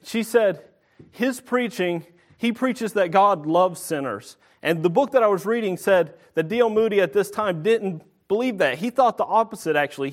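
High-voiced young man preaching earnestly. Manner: earnest, slows to stress scripture. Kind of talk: sermon.

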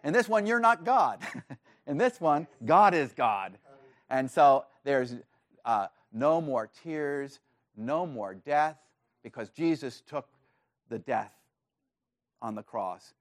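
A man delivers a sermon from the pulpit in a mid-pitched voice, recorded close with little room sound. He speaks earnestly and builds to excited, emphatic peaks. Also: takes it slowly, long pauses, no room sound. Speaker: pastor.

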